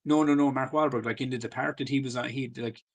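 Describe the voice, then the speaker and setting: A man's voice: medium pitch, fairly even intonation, a little fast. A man, co-hosting a podcast in loose, sweary casual chat full of fillers. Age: 40s. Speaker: podcast co-host.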